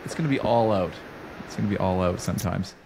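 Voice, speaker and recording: A man's voice: low voice, quick pace, gravelly. A man hosting an interview, casual and self-deprecating, sometimes losing his words mid-sentence. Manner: casual, laughs at himself, loses his words. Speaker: podcast host. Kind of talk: conversational interview. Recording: noisy recording.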